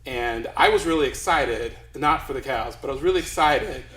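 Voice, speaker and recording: A man's voice: mid-range voice, lively intonation, moderate pace, a bit bright, echoey room, poor audio. A man from Los Angeles telling a comic story to a live crowd, chatty and self-deprecating, rambling along. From Los Angeles, USA.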